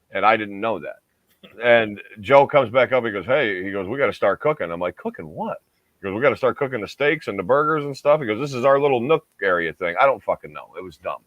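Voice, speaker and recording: A man's voice: mid-range voice, a bit bright, no echo. A man hosting a casual podcast, telling a long rambling story and swearing freely. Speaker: podcast host. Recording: dull lo-fi dry recording.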